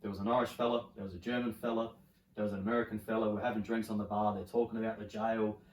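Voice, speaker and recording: Aussie bloke mid-40s-ish yarning fast, lowish voice, sounds roomy and a bit far off. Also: male voice. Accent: Australian. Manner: animated, swears freely, voices characters in stories. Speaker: podcast guest. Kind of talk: casual storytelling chat. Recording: roomy, from a distance.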